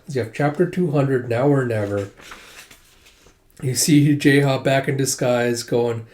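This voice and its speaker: A man's voice: medium pitch, measured pace, darkish tone. A man casually recapping a manga volume, acting out the characters' lines in raised voices as he goes. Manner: chatty, acts out characters' lines in lifted voices. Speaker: manga reviewer.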